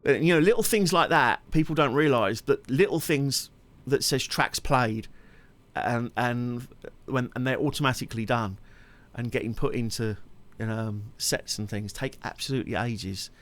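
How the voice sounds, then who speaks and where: A man's voice: mid-range voice, normal speed, fairly bright tone. Rambling, chatty man streaming. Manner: rambling, chatty, laughs often. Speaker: streamer and musician. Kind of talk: casual live-stream chat.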